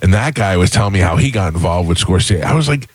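Deep-voiced man telling stories. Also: fast, husky, no room sound, rough recording. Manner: animated anecdotes, acting out others' voices. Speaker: podcast host. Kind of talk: casual storytelling chat.

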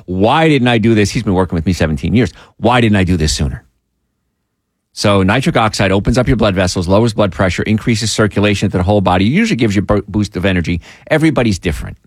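Talking fast in a voice on the low side, a man hosts a call-in radio show about health from a studio mic with no room sound. He's animated and insistent, slipping in pleading asides.

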